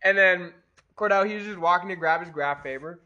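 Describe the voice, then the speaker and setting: A man's voice: high-pitched, a little fast, dull audio, crowd noise. A teenage boy co-hosting a podcast, recounting school events in casual chat and laughing often. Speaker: podcast co-host.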